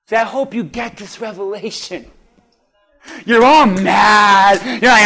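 A man preaching a sermon, dropping to hushed asides and rising to laughing shouts as he acts out quotes. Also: high voice, moderate pace. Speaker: pastor.

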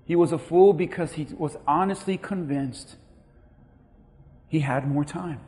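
A man in his thirties preaching a sermon as a pastor, swinging between hushed lines and loud peaks and acting out the people he quotes. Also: fairly high pitch, a little slow, long pauses. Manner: preaching with dramatic swings in loudness and acted-out quotes.

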